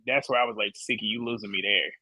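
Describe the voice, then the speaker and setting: Male host, bright and forceful voice, dry close mic, blunt chatty recap, laughs a lot. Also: lowish voice, steady tone, rapid-fire, breathy edge, no room sound, low-quality recording. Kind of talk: casual live reality show recap.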